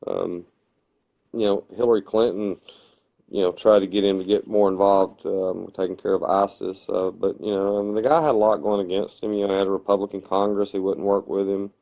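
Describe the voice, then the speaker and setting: A man's voice: low-pitched, a little fast, gravelly, muffled recording. A man co-hosting a casual podcast, chatting and retelling stories eagerly with lots of fillers and restarts. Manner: animated storyteller, retells debate moments with many fillers and restarts. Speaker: podcast co-host. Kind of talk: casual chat.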